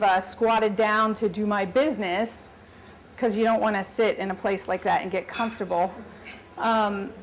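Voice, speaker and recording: A woman telling a personal story on stage at a live event, animated and often laughing. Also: medium pitch, a little hiss or hum, low-quality recording. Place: story slam stage before an audience.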